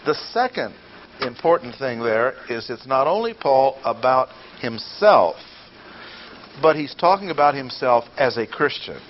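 Man, Bible teacher, mid-pitched voice, deliberate and explanatory, muffled lo-fi recording. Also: very animated, slight background noise. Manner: deliberate, explanatory, repeats key points. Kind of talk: classroom Bible lesson. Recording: dull lo-fi recording.

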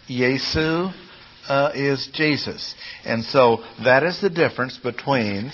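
A man's voice: mid-range voice, fairly bright tone, highs cut off, slight background noise. A man teaching a class on Bible Greek, explaining patiently step by step and putting questions to his listeners. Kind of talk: classroom lecture.

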